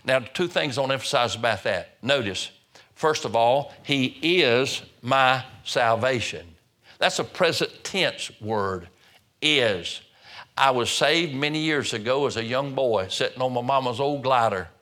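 Folksy older preacher, bright voice. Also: male voice, medium pitch, expressive, measured pace. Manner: folksy, repeats words and restarts phrases. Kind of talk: sermon.

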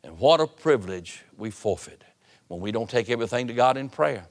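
A man preaching from a church pulpit, his voice at an ordinary middle pitch. He presses hard on appeals, then drops to a near hush for tender lines. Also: expressive, fairly quick. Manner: emphatic preaching, swings from loud appeals to hushed tones. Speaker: pastor. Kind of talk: sermon. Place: church sanctuary.

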